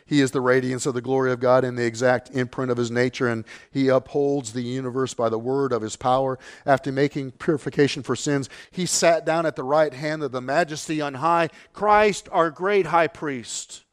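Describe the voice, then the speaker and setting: A man preaching a sermon, emphatic, dropping low and then rising. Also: steady tone, moderate pace, few pauses. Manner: emphatic, swings between low and raised voice.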